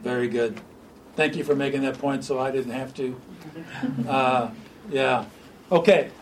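A man preaching an informal sermon to a small group, animated and joking. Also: mid-range voice, unhurried, slight background noise, rough recording. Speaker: pastor.

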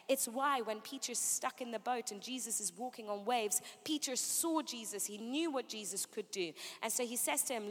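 A woman preacher delivering a fast, emphatic sermon in a fairly high voice. Her words ring out with a long reverb, as if recorded in a large hall. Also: a bit bright.

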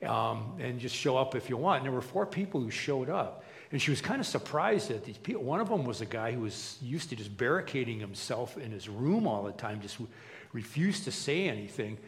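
A man preaching a sermon as a pastor, relaxed and conversational, with plenty of fillers and restarts. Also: mid-range voice, fairly quick, creaky, big-room sound. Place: church.

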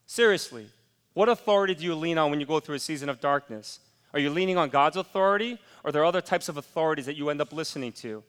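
A man preaches to his congregation, building emphasis and asking them pointed questions. His voice is high, bright and crisp. The sanctuary adds a long, ringing reverb. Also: fast talker. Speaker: pastor. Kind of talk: sermon. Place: church sanctuary.

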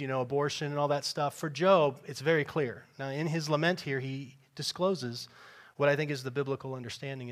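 A man's voice: medium pitch, fairly bright tone. A man preaching a sermon to his congregation in a conversational, emphatic way, with sarcastic asides. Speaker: pastor. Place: church before a congregation.

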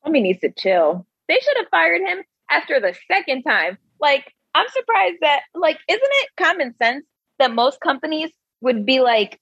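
Woman cohost, high and bouncy voice, laughs and swears a lot, kinda dull sound. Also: big pitch swings, normal speed, a bit bright, no echo. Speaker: podcast co-host. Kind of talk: casual chat.

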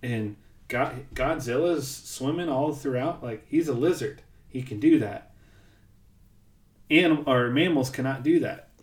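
A laid-back man co-hosts a casual podcast in a roomy, echoey space. His voice sits at a middle pitch, and he talks in an easygoing way with a ready laugh. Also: unhurried. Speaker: podcast co-host. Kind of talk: casual chat. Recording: roomy echo.

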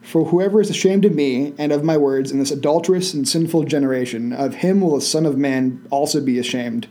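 A man co-hosting a casual Bible study in a library, reading verses aloud and adding relaxed, slangy asides. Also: a little high, a little fast. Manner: laid-back, slangy asides. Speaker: co-host reading scripture aloud.

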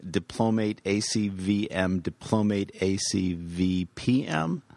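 A man's voice: lowish voice, takes it slowly, vocal fry, darkish tone, no room sound. A man co-hosting a podcast, chatting casually with sardonic, teasing wit. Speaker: podcast co-host. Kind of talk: casual chat.

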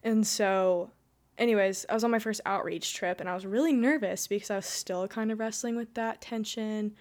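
A woman's voice: medium pitch, steady tone, normal speed, darkish tone. A young woman telling her personal faith story in casual conversation, rambling with lots of "like" and restarts. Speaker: guest.

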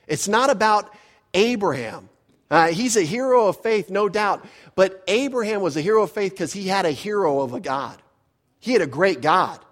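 A man's voice: high voice, a bit bright, in a large hall. A man preaching a sermon as a pastor, teaching earnestly and driving home his points with rising emphasis.

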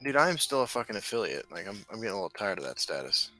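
A man's voice: fairly low pitch, sing-song, very fast, bright, forceful tone, soft background music, poor audio. A man co-hosting a streamed podcast, joking around and answering bluntly. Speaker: podcast co-host. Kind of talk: casual podcast chat.

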